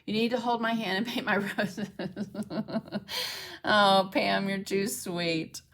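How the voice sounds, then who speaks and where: A woman's voice: mid-range voice, takes it slowly, fairly bright tone. A woman teaching a painting demonstration on a live stream. She chats to viewers as she works and keeps checking in with them. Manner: chatty, talks to viewers while painting, checks in with "okay?"; greets and thanks commenters mid-demo. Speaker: mixed media art instructor.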